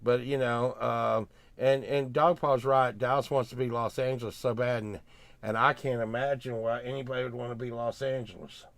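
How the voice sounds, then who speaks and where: A man's voice: mid-range voice, steady tone, moderate pace, no room sound. Rambling man, dry close mic. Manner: rambling, grumbling, gets loud and worked up when ranting. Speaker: podcast host. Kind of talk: casual chat.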